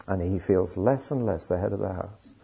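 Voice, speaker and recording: A man's voice: sits low, normal speed, creaky, warm tone, slight background noise. A man preaching a sermon, telling stories with dry humor. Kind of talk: sermon with anecdotes. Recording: dull lo-fi recording.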